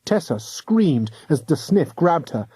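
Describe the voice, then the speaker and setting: A man narrating a children's audiobook with a measured, dramatic reading. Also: on the high side, sing-song, warm tone, husky, no room sound. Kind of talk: scripted storybook narration.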